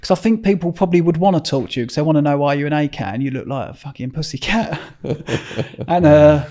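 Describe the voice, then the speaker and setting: A man's voice: fairly high pitch, fairly quick, warm tone. A man with an Essex accent, a guest in a podcast interview, telling stories in a blunt, rambling way, swearing freely and restarting his sentences. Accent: Essex English. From Essex, England. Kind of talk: casual interview storytelling.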